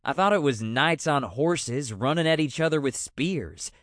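A curious, sharp-tongued woman, as a male narrator puts her on speaks in a slightly lifted, pointed voice with lively swings in pitch. The audiobook recording is dry and close. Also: unhurried, no echo.

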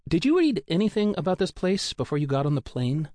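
A man's voice: a little high, big pitch swings, a little fast, darkish tone, dry recording, studio quality, voice pushed up. A man voicing a gloomy, serious male drilling supervisor who explains dangers in a sober tone. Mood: warning.

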